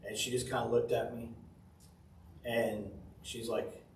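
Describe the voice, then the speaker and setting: A man's voice: mid-range voice, level tone, moderate pace, a little hiss or hum. A man giving a casual devotional sermon, telling folksy family stories with chuckles. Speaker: pastor. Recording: roomy audio from a distant mic.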